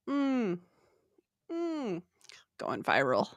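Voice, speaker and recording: A woman's voice: mid-range voice, animated, normal speed, a bit bright, no echo, studio quality. A woman co-hosting a casual business talk over a livestream call, telling rambling stories and laughing often. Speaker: podcast co-host. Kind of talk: casual chat. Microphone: remote livestream call.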